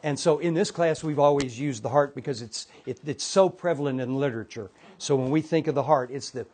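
A man's voice: medium pitch, brisk, a little mellow. A man teaching an informal Bible class to a group, talking in a loose, conversational way with many restarts and asides.

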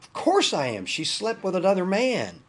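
A man's voice: sits high, wildly swooping pitch, normal speed, voice pushed up, full character voice. A man reading the lines of an angry, hurt husband in marriage counseling, in a bitter tone. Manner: bitter, read aloud.

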